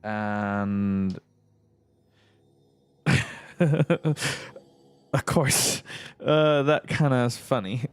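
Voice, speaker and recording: A man's voice: mid-range voice, very slow, long pauses, clean tone. A man narrating his gameplay in a rambling, musing way, often correcting himself with chuckling asides. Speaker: let's-play host.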